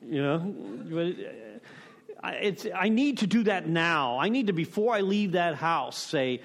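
A man's voice: fairly high pitch, lively intonation, moderate pace. A middle-aged man giving a candid, rambling talk on recovery steps, full of self-deprecation and "you know.". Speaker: recovery meeting speaker.

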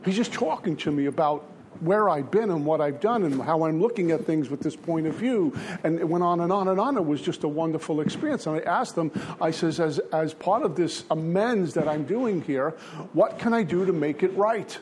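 A man's voice: a little high, lively intonation, moderate pace, darkish tone, a little hiss or hum. An older man giving an earnest, repetitive personal testimony as a speaker at a recovery meeting.

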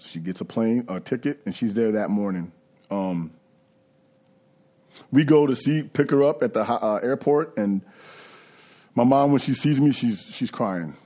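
Low, mellow-voiced man telling his story. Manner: candid, conversational storytelling. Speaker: recovery speaker. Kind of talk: personal recovery testimony.

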